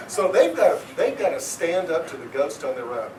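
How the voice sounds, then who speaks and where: A man, a children's author, giving a lively, expressive talk to schoolchildren and asking them questions. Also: fairly high pitch. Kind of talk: animated talk and reading to schoolchildren. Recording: echoey school room, far from mic. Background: children in the audience.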